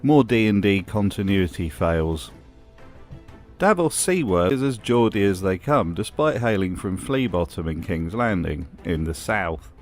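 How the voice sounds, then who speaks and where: Sarcastic guy doing a scripted voice-over, lowish voice, faint music behind. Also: animated, measured pace. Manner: sardonic, mocking. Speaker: host.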